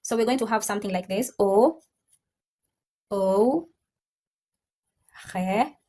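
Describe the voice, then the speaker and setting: Female French teacher, slow measured delivery, repeats phrases for students. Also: mid-range voice, dark tone. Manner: drills pronunciations by repeating words slowly. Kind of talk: classroom language lesson. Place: classroom with students.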